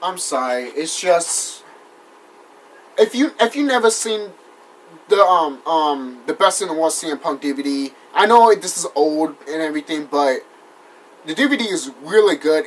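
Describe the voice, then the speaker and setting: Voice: medium pitch, expressive, moderate pace, a little hiss or hum. Wrestling vlogger going off, swears a lot, keeps restarting sentences. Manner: profane, heated, rambling with restarts; apologizes after outbursts. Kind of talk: casual vlog rant.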